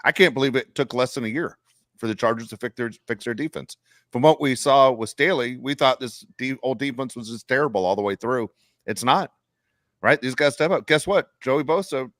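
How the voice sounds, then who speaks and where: A man's voice: mid-range voice, a bit bright, dry recording, studio quality. A man co-hosting a sports podcast, giving wry, opinionated takes in casual chat. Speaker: podcast co-host.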